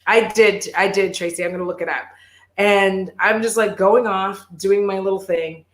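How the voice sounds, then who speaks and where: A woman's voice: mid-range voice, steady tone, normal speed, echoey room. A woman who makes beauty videos, chatting casually on a livestream and telling stories full of swearing and "like". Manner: profane, rambling storytelling with lots of "like". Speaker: beauty youtuber.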